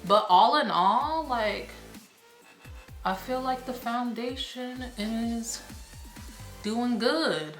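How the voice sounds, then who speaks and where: A woman's voice: fairly high pitch, animated, extremely slow, long pauses, faint music behind. Chatty young woman vlogging in an echoey room. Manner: chatty, rambling, laughs at herself. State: a little out of breath. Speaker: beauty vlogger. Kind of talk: casual vlog chat.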